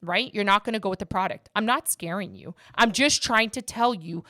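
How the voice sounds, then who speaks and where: A woman's voice: mid-range voice, brisk, sharp tone. A woman hosting a casual podcast as a mortgage agent, talking with emphatic passion and speaking straight to her listeners.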